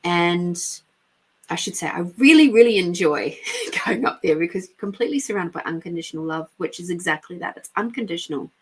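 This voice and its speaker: Woman host, middle-aged, frank spiritual chat, swears and laughs, low-ish voice. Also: expressive, brisk, husky. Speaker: intuitive reader and podcast host. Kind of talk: casual spiritual guidance talk.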